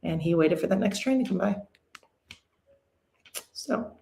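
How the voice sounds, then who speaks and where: A woman's voice: medium pitch, unhurried, vocal fry, slight background noise. A woman in her forties, a podcast guest, telling a painful personal story candidly and steadily. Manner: candid, steady even through hard memories. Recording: roomy echo.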